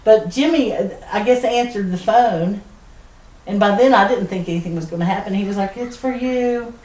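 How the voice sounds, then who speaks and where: A middle-aged woman with a Southern US accent, co-hosting a podcast and telling a lively story with frequent laughter. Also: mid-range voice, brisk. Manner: animated storyteller, laughs often mid-sentence. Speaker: podcast co-host. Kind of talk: casual storytelling chat. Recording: roomy sound from a distant mic.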